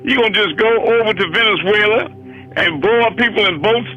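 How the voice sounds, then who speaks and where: A man's voice: high-pitched, fairly quick, highs cut off, faint music behind. A man preaching a fiery sermon, swearing freely and hammering rhetorical questions. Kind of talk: impassioned sermon.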